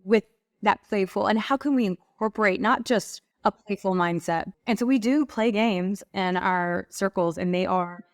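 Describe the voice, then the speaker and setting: A middle-aged woman, a guest on a talk show, telling personal stories in an animated way and acting out what people said. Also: medium pitch, normal speed, no room sound, clean studio sound. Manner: animated, acts out quoted voices. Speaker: guest, women's group leader. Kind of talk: conversational storytelling.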